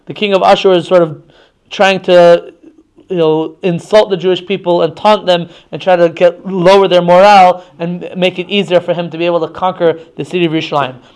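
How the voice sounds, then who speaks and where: Man, religious text class, high voice, casual restarts, checks in with listeners. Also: level tone, brisk, a little mellow, clear, resonant tone. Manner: conversational, frequent restarts, checks in with "right?". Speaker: religious teacher.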